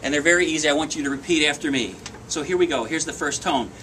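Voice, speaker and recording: A man's voice: on the high side, fast, bright, forceful tone, slight background noise, low-quality recording. A man from Pennsylvania leading a playful live yodeling workshop in a bookstore, joking with the audience and breaking into yodels and cuckoo calls. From Pennsylvania, USA.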